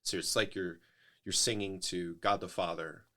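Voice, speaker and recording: A middle-aged man, a pastor, speaks in a very low voice during a relaxed podcast chat. He explains things carefully and at length, often circling back and restarting his sentences as he thinks. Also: moderate pace. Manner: explanatory, thoughtful, with frequent restarts. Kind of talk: casual podcast conversation.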